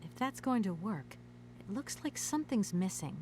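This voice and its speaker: An actress voicing a calm young woman investigator in a video game, speaking in a quiet, matter-of-fact way. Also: mid-range voice, normal speed, a little hiss or hum. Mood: subdued.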